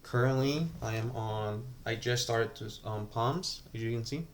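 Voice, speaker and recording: Gravelly-voiced man rambling to camera. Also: medium pitch, a little slow, a little hiss or hum. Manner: rambling, hesitant, many restarts and "like". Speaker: vlogger. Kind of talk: casual confessional monologue to camera.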